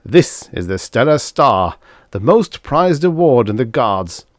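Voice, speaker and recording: A man's voice: medium pitch, very animated, slow, dry recording, studio quality, voice pushed up. A man voicing a pompous, boastful provincial nobleman with a thick, rich put-on accent and a growling manner in an audiobook. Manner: growling, blustering.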